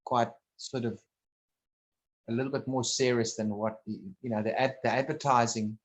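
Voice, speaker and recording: A man's voice: mid-range voice, steady tone. Rambling man in casual talk. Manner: rambling, halting, with frequent restarts and blunt swearing.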